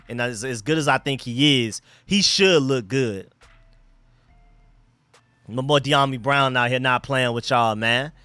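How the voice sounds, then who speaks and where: Bright-voiced excited stream host man. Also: mid-range voice, dry recording. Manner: excited, chatty, talks to chat and his dogs. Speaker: livestream host. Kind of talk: casual live football commentary.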